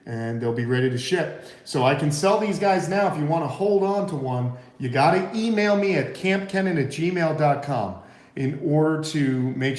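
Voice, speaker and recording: A man's voice: mid-range voice, a little mellow. Chatty, sniffly man vlogging from home. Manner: loose and chatty, many "uh" fillers. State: sniffly from a runny nose. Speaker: tortoise breeder and vlogger. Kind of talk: casual live vlog. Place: at home in Florida, indoors and by the front of his house. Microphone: phone camera, partly in selfie mode.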